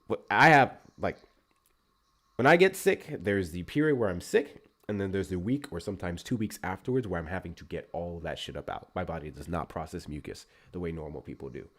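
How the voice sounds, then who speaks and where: A man's voice: deep voice, quick pace, hardly any pauses. An American man hosting a political livestream, chatting casually, swearing often and laughing between points. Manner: profane, animated, laughing asides. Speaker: livestream host.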